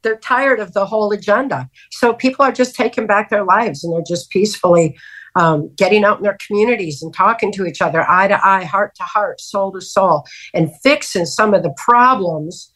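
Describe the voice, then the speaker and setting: A woman's voice: mid-range voice, normal speed, fairly bright tone, poor audio. A woman speaking as a guest on a podcast, talking earnestly and repeating words as she starts her thoughts. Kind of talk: casual podcast conversation.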